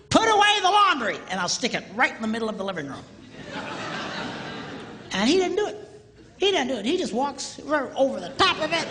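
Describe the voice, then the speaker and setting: A man's voice: very high voice, big-room sound, noisy background. A man preaching, a pastor telling a humorous story and acting out the dialogue. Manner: animated, acts out quoted dialogue, jokey.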